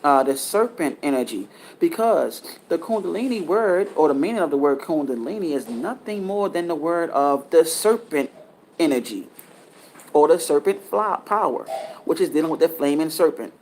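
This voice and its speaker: A man's voice: on the high side, expressive, normal speed, a little mellow, a little hiss or hum. A man giving a casual spiritual talk, earnest and lecturing, rambling and often restarting his sentences. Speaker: spiritual teacher.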